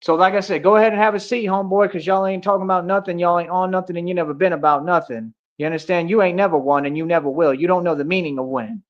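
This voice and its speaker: A man's voice: high-pitched, fairly even intonation, fast, hardly any pauses. A man ranting on a livestream, confrontational and taunting, with heavy street slang. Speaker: streamer. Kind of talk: livestream rant. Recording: dull lo-fi audio.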